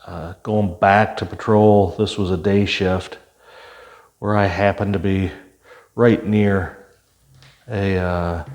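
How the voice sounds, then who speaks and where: A man's voice: sits low, level tone, slow, long pauses, darkish tone. An older man, a retired police officer, telling stories from his career in a plain-spoken way, with many fillers and restarts. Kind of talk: conversational storytelling.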